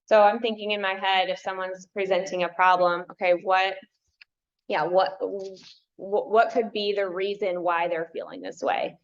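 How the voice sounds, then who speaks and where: A woman coach in a mid-range voice talks through her thinking step by step in a calm, explanatory way. The sound is a bit dull and lo-fi. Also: medium pitch, normal speed. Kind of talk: casual workshop talk.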